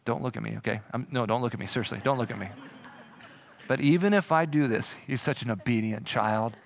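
A man preaching a sermon as pastor, lively, slipping into comic voices for imagined people. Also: mid-range voice, fairly quick, slight background noise. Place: church.

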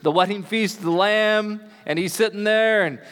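A man preaching a sermon in a relaxed, conversational way, slowing down to stress key lines. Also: high voice, clean tone. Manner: conversational preaching, slows for emphasis. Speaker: pastor. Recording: long hall reverb.

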